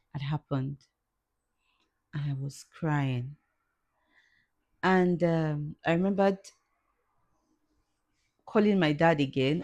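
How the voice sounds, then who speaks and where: A woman with a deep, low voice speaks straight to her viewers in a personal vlog. She talks haltingly and circles back over the same words. At times she is crying as she talks. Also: a little mellow. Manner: tearful, halting, repeats herself. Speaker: vlogger.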